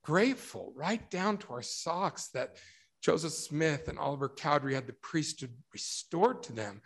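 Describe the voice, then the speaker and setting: A middle-aged man delivering a religious talk with a slightly higher voice. He tells stories animatedly and acts out each quote. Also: expressive, moderate pace, fairly bright tone. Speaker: speaker.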